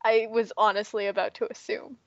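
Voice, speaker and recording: A woman interviewing casually, teasing and giggling, with deadpan jokes. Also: mid-range voice, a little fast, no room sound. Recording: dry, dull lo-fi sound.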